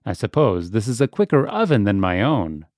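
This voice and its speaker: A man's voice: on the low side, very animated, moderate pace, a little mellow, no echo, clean studio sound. A man voicing an anxious, fussy female dog guest who whimpers and frets. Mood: fretful.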